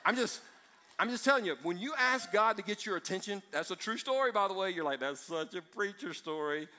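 A man preaching a sermon to a live church congregation, energetic and fired up, with joking side remarks. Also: high voice, fast.

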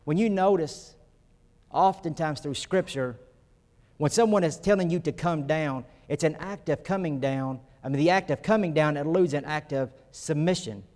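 A man's voice: on the high side, moderate pace, darkish tone. A man preaching a sermon, earnest, with his voice lifting for emphasis. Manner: earnest preaching, rises when acting out quotes. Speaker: pastor. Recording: long reverb of a hall.

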